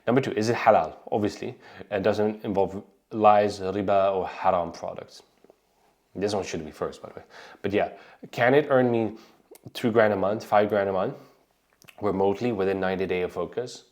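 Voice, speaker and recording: A man's voice: fairly low pitch, moderate pace, darkish tone. Swedish-accented man giving casual advice. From Sweden. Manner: conversational, frequent "right?" tags and restarts. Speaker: online business coach. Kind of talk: casual advice talk to camera.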